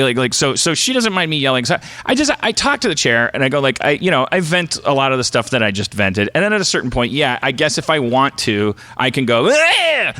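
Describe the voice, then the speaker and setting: A man's voice: medium pitch, sharp tone. A man hosting a comedy podcast, delivering a profane, stammering rant monologue.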